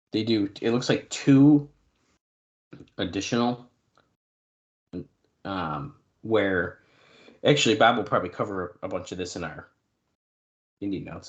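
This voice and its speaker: A man with a very low voice chats casually on a podcast, reading through notes to his co-host. He talks in a relaxed way with plenty of ums and pauses. The sound is dull and lo-fi. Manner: relaxed, reads off notes with fillers and throat clearing.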